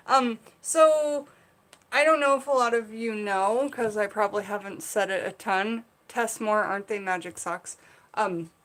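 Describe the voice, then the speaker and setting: A woman's voice: mid-range voice, a little slow, pauses often, a bit bright. Female livestream host from South Carolina, chatty, reads viewer comments aloud, recorded in her bedroom. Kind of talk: casual livestream chat. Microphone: seated at own camera.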